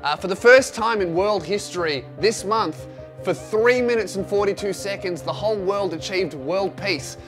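Sarcastic Australian comedian, raised voice. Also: male voice, high-pitched, moderate pace, music in the background. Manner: sarcastic, swearing, animated. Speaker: comedian, host. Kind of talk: comedic commentary with impressions.

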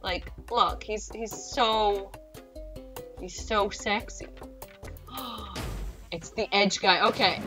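Excitable woman narrating her gameplay. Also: mid-range voice, takes it slowly, pauses often, soft background music. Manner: excitable, swears often, sudden squeals. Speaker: gaming channel host. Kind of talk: let's play commentary.

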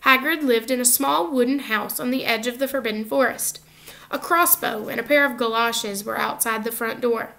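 A woman narrating a children's novel aloud in an expressive, lively reading style. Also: a little high, normal speed, creaky. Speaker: audiobook reader. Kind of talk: storybook narration.

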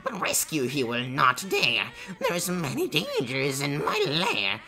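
A man voicing a cackling wicked old female witch who speaks in creaky rhymes. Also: a little high, huge pitch swings, slow, over music, exaggerated voice. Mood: gloating. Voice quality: creaky, rhyming singsong. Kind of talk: reading game text aloud in voices.

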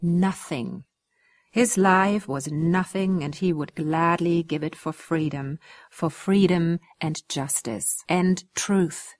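A woman narrating a novel excerpt in a steady, even storytelling manner. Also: lowish voice, slow pace. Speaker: audiobook reader. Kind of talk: scripted narration.

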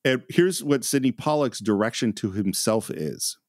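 A man's voice: medium pitch, lively intonation, normal speed, darkish tone, no echo. Man chatting about a film, dry sound. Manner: enthusiastic, laughs often, retells scenes. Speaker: podcast host. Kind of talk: casual film discussion.

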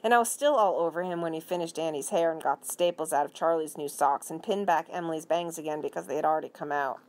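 Woman reading a story aloud, low-pitched. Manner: expressive, unhurried first-person narration. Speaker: library reader.

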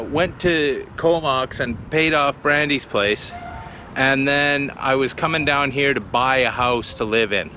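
A man from British Columbia talking to his camera while walking outdoors, blunt, excitable and full of swearing. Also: mid-range voice, lo-fi sound, a little hiss or hum. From British Columbia, Canada. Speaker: vlogger. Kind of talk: casual walking vlog. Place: outdoors by a city beach.

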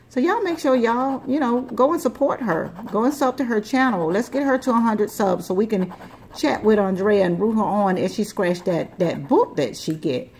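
A woman's voice: mid-range voice, darkish tone, a little hiss or hum. A woman hosting a lottery scratch-off video, chatting casually and rambling as she scratches. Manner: chatty, rambling, repeats words. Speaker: lottery scratch-off channel host. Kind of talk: casual chat while scratching tickets.

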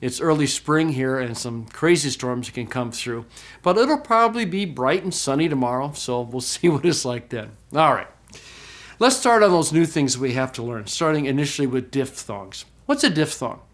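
A man teaching a recorded class, explaining step by step, often checking in with "okay?", and slowing way down to model pronunciations. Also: mid-range voice, sing-song. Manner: slow, drawn-out demonstration of pronunciations. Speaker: Greek teacher.

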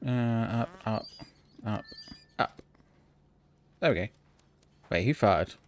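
A man's voice: mid-range voice, expressive, slow. Joking man streaming a game. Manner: joking, laughs often. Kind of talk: casual gaming chat.

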